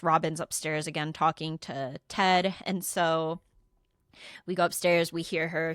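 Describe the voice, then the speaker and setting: A young adult woman co-hosting a podcast, retelling a story in casual chat, animated and profane, acting out quoted dialogue. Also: on the low side, no room sound, clean studio sound. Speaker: podcast co-host.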